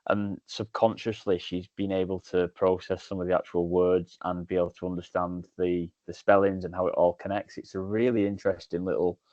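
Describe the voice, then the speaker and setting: A man with a very deep voice hosts a relaxed podcast chat and cuts in eagerly with his own stories. His recording is dull and muffled, with a dry, close sound. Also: brisk, few pauses, dry recording. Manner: chatty, jumps in with anecdotes. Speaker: podcast host. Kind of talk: casual podcast conversation.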